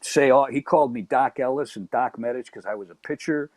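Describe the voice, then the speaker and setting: A middle-aged man from Chicago's South Side, telling old neighborhood stories in a casual, animated chat. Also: mid-range voice, fairly quick, dry recording. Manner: animated, acts out quoted voices. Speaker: guest storyteller.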